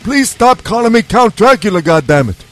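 A man's voice: high-pitched, sing-song, moderate pace, fairly bright tone, soft background music, pitched above the performer's own voice. A man voicing Dracula as a grumpy old man from New York with a New York accent, exasperated and complaining.

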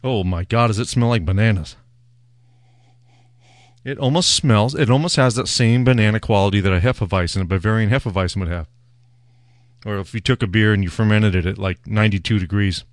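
A man's voice: fairly low pitch, brisk, no echo. A man hosting his own beer show, talking casually in a rambling, wry, self-mocking way as he tastes a beer. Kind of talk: casual solo beer-tasting talk.

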